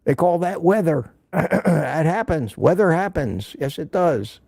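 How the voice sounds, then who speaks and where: An older man with a gravelly, fried edge to his voice hosts a relaxed live stream from his home. His tone is dark and mellow, and the sound is close and dry, with no room around it. He rambles and greets viewers one by one by name. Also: fairly high pitch, a little slow, no room sound. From United States. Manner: chatty, greets viewers by name, frequent restarts. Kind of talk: casual live stream chat. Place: indoors at home.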